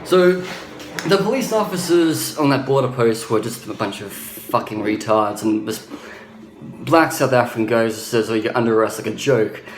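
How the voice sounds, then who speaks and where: A man's voice: medium pitch, lively intonation, moderate pace, a little hiss or hum. Blunt ranting man in an echoey room. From Australia. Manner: blunt, ranting, restarts often. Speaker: travel vlogger. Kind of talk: casual travel vlog.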